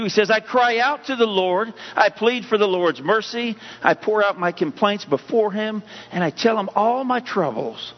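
A male pastor delivering a sermon, rising in emphasis as he reads scripture. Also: high voice. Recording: dull hum-laden audio with long hall reverb.

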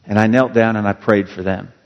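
A man's voice: lowish voice, steady tone, brisk, in a large hall, dull audio. A male pastor preaching a sermon in a church, earnest and storytelling, leaning hard on key words. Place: church sanctuary.

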